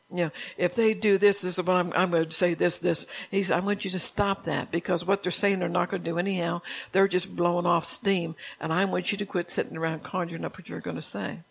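Gravelly-voiced older woman teaching. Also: lowish voice. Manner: chatty, testimonial, asks the group questions. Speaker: Bible study leader. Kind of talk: informal Bible teaching.

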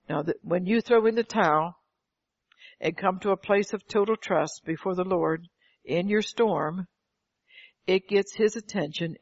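A woman's voice: on the low side, breathy edge, dry recording. An older woman preaching a fervent sermon, calling out "Amen" and firing rhetorical questions at the congregation. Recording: dull lo-fi, dry sound.

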